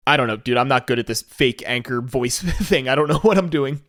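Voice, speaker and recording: A man's voice: medium pitch, brisk, few pauses, a bit bright, faint music behind. A man hosting a solo podcast in a casual, enthusiastic, laid-back way, with some casual swearing. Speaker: podcast host.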